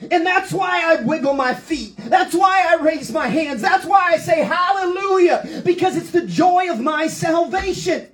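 A woman's voice: extremely high pitch, animated, unhurried, hardly any pauses, poor audio. A woman preaching a Pentecostal sermon, reading scripture aloud with fervent, rousing delivery.

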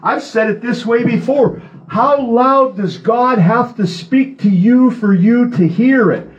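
High-voiced man preaching a sermon. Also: slow pace, lo-fi sound. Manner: earnest preaching with repeated phrases. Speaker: pastor. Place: church podium.

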